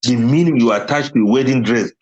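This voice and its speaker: A man's voice: mid-range voice, quick pace, a little mellow, lo-fi sound. A man giving a religious talk on letting go, emphatic and often laughing at his own points. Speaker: Islamic speaker.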